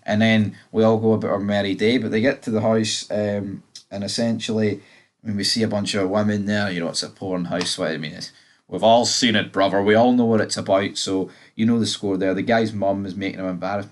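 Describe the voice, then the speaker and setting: A man's voice: fairly low pitch, steady tone, fairly quick, slight background noise. A man giving a casual, rambling TV episode review, blunt and swearing freely.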